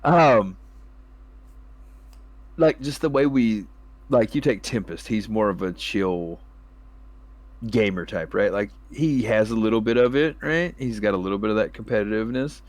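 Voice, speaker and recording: A man's voice: fairly low pitch, moderate pace, long pauses. A man hosting a casual gaming chat, laughing often, swearing freely and acting out what he would say to his teammates. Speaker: podcast host and gamer.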